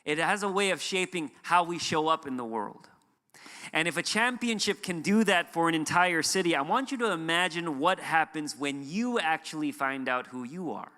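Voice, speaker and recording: A man from the United States preaches as a guest pastor, telling stories in a relaxed, filler-heavy way. His voice is bright and crisp. It rings out with a long church-hall reverb. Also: fairly high pitch, moderate pace. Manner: conversational storytelling with fillers. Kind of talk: sermon. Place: church sanctuary.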